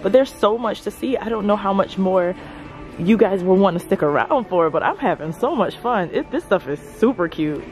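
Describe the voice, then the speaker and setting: Brief: excitable woman shopping vlogger, handheld phone, faint store music behind. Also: mid-range voice, normal speed. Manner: gushing, excitable, addresses viewers as y'all. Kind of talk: shopping vlog narration. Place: large store indoors.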